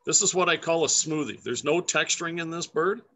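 Guest: upbeat man, fairly high, bright voice, chatty and playful, laughs a lot, talks over a video call. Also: fairly quick. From Canada. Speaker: guest woodcarver. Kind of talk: casual demonstration over a live video chat.

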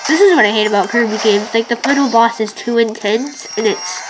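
A high-voiced woman talks through a handheld boss fight in excited, frustrated let's-play commentary. Upbeat video game music plays clearly under her voice throughout. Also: brisk, poor audio. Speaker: gaming channel host.

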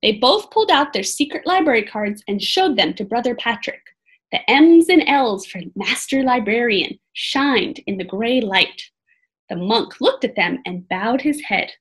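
A woman reading a children's chapter book aloud like a teacher, gently pausing to ask her listeners questions. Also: on the high side, animated, rough recording. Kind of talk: storybook read-aloud for children.

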